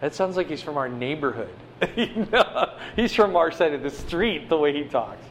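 A man giving a conversational sermon, teaching a Bible passage with animated swings between loud emphasis and quiet asides. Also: fairly high pitch, moderate pace, slight background noise.

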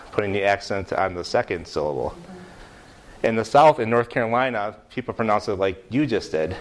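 An American man teaching a Bible class in a room with a board, lively, putting questions to the class and often restarting his sentences. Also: lowish voice, moderate pace. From United States.

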